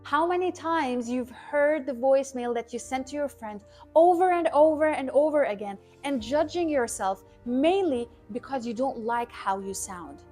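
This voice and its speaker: A woman who coaches public speaking, talking to camera in an energetic, emphatic way and repeating her key points. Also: high voice, moderate pace, soft background music. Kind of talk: scripted educational talk to camera.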